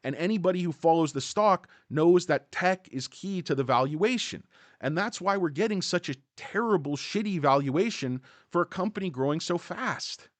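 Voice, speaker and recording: A man's voice: fairly high pitch, animated, moderate pace, dry recording. A man ranting casually about stocks on a livestream, sarcastic and swearing, often sidetracked into jokes. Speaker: stock market commentator.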